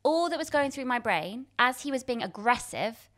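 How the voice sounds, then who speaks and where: A woman in her thirties telling a story in casual chat, self-deprecating and quick to laugh, with many restarts. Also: on the high side, lively intonation, a bit bright. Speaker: guest.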